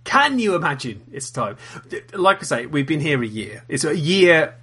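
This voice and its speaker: A man's voice: on the high side, sing-song, moderate pace, pushed and bright, breathy edge. A man hosting a podcast, thanking contributors in a chatty, stumbling way. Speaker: podcast host. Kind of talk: casual show wrap-up.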